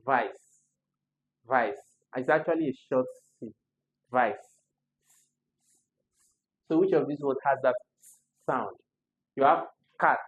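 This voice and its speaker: A tutor with a Nigerian accent walks through exam questions, chatty and quick to laugh, often posing rhetorical questions to the listener. The voice is mid-range and steady, captured with phone-quality sound.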